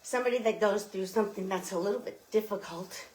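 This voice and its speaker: A woman's voice: mid-range voice, fast, a little mellow. Breathless woman coaching a cycling workout. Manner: encouraging, coaching cues while pedaling. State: slightly out of breath. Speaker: fitness instructor. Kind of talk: guided cycling workout instruction.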